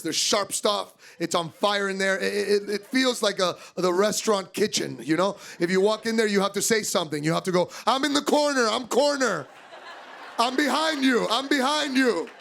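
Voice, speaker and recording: A young man from doing stand-up comedy, animated and acting out voices. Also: high voice, creaky, slight background noise. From Miami, USA.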